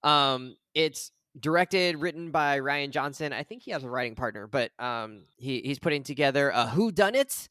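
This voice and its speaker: A man's voice: mid-range voice, animated, moderate pace, hardly any pauses, bright, forceful tone, clean tone, dry recording, studio quality. A man hosting a casual podcast chat, chatty and laughing often, with frequent ums. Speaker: podcast host.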